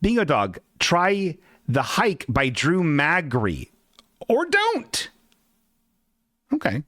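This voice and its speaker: A man hosting a casual livestream podcast, reading a comic strip aloud with halting restarts and swearing asides. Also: a little high, big pitch swings, a bit bright, dry recording, studio quality. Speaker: podcast host.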